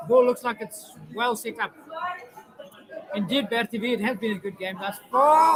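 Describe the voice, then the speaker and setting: A man's voice: very high-pitched, moderate pace. A man giving casual live commentary on a rugby match, chatting with his viewers as he goes. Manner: chatty, talks to viewers and chat. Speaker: fan streaming live commentary. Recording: loud match crowd and music behind. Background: stadium crowd and music from the broadcast.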